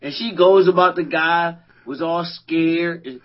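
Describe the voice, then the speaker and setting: A man co-hosting a podcast, telling stories in a casual, animated way and laughing often. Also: fairly high pitch, unhurried. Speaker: podcast co-host. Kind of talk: casual storytelling chat. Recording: dull lo-fi recording.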